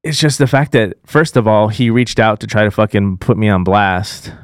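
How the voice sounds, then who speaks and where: A man's voice: lowish voice, normal speed, clean tone, dry recording, studio quality. A man co-hosting a podcast, venting his grievances in heated, profane casual chat. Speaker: podcast co-host.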